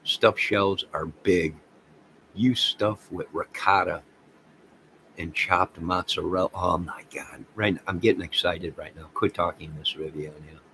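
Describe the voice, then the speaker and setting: A man hosting a casual livestream, rambling excitedly and talking to viewers by name. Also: low-pitched, unhurried, slight background noise, rough recording. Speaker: livestream host reading chat.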